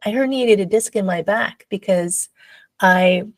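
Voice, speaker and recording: A woman guest telling a personal story in a casual interview, animated and laughing often, acting out her own past voice. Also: medium pitch, unhurried, no room sound.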